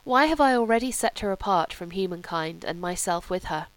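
A woman's voice: lowish voice, animated, a little fast, no room sound, natural voice, low-quality recording. A woman reading a novel, voicing a man who is a sardonic artist speaking in an ornate, brooding, ironic way.

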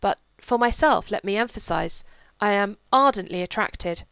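Woman voicing solemn pompous gentleman, grave, measured, unhurried, dry sound. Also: medium pitch, vocal fry, clean tone, no room sound, poor audio. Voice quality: grave, measured, even delivery. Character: solemn, placid, pompous gentleman, middle-aged.

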